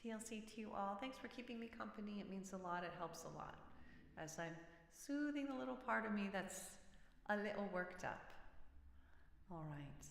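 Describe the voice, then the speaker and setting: Woman streamer, gravelly voice, chatty and reactive, long echoing reverb. Mid pitch. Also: expressive, moderate pace. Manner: chatty, reacts aloud to chat messages. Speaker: livestream musician host. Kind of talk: casual livestream chat with viewers.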